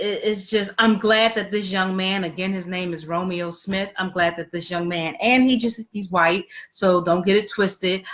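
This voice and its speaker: This is a woman co-hosting a casual podcast with a bright, forward-placed voice. She talks bluntly and emphatically, and she swears without holding back. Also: fairly low pitch, dull audio. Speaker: podcast co-host. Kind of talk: casual chat.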